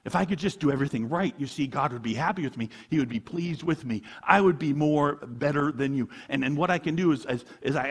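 Husky-voiced pastor with a lively delivery. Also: male voice, medium pitch, in a large hall. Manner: conversational, with rhetorical questions and frequent chuckles. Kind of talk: sermon.

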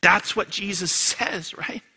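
A male pastor preaching a sermon, asking rhetorical questions and swinging from loud emphasis to hushed asides. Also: sits high, slow, husky.

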